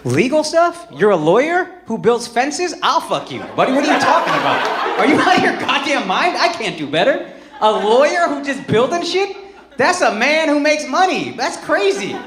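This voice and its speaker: A male stand-up comedian doing brash, profane crowd work on a comedy club stage, swinging from teasing to shouted mock outrage. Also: very high voice. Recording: roomy club sound with loud crowd laughter. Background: crowd laughter.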